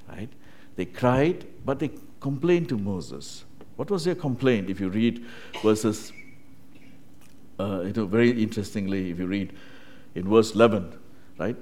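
Here a man with a somewhat low, slightly mellow voice preaches conversationally. Tag questions come up often as he checks in with those listening.

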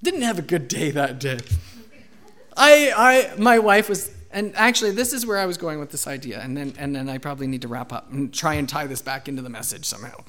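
A man in his thirties, a pastor preaching a sermon and telling a candid personal story, with bursts of loud acted shouting. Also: on the high side, expressive, a little fast. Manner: candid storytelling, acts out his own outbursts loudly.

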